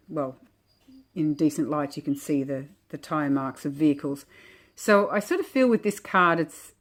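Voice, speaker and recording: A woman talking casually and reflectively as she walks through her homemade oracle cards, gentle and chatty. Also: low voice. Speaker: oracle deck creator.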